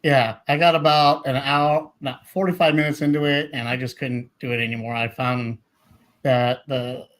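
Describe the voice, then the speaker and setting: A man's voice: medium pitch, steady tone, moderate pace, a bit bright. A man co-hosting a podcast, giving a plain-spoken, slightly hesitant casual movie opinion. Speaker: podcast co-host. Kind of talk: casual movie review chat.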